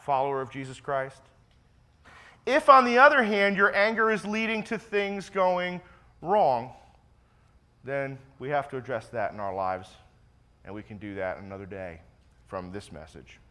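Emphatic preaching pastor with bright voice. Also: male voice, medium pitch, expressive, a little slow, pauses often. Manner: emphatic preaching, repeats key phrases, drops to quiet asides. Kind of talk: sermon.

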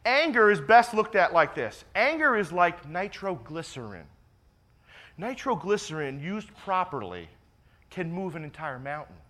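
A man preaching a sermon as pastor, stressing key phrases by repeating them and dropping into quiet confessional asides. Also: high-pitched, sing-song, unhurried.

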